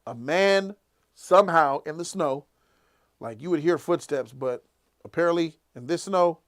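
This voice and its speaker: A man hosts a casual live after-show, talking through an episode with a slightly high voice. He retells scenes with energy, dropping into the characters' lines as he goes. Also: a little slow. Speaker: show host.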